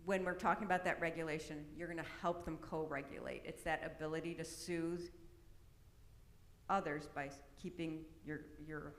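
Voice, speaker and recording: A woman's voice: low voice, steady tone, normal speed. A middle-aged woman giving an informal workshop presentation, chatty, with frequent "right?" and "um". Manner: chatty, peppers talk with "right?" and "um". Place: large church hall. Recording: echoey hall with long reverb, faint noise.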